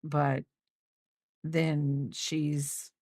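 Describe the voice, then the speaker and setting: A woman's voice: deep voice, little pitch movement, extremely slow, darkish tone, dry recording, clean studio sound. A middle-aged woman hosting a crochet channel, chatting casually with viewers and rambling off mid-sentence. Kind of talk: casual chat while crocheting, replying to viewers.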